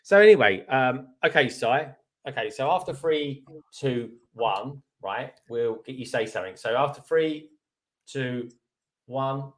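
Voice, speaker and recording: Relaxed man rambling on a livestream. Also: medium pitch, a little slow. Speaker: guest on livestream. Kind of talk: casual livestream chat.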